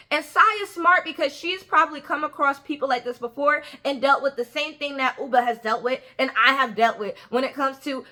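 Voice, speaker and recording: A woman's voice: high voice, bright, forceful tone. A young woman giving opinionated casual commentary on a reality show, stressing points by repeating words.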